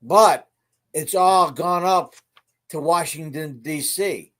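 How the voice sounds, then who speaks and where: Slow, higher-voiced man with dry puns. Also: fairly bright tone. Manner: dry, punning one-liners. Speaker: co-host of a humor show. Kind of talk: casual joke-telling chat.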